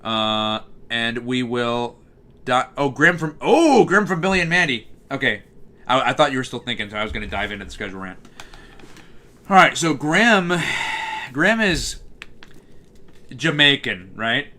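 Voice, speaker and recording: Brief: live streamer, bright tone, loose rambling chat to viewers, lots of false starts. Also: male voice, medium pitch, sing-song, a little slow, pauses often. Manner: rambling, reading chat aloud, many fillers and restarts.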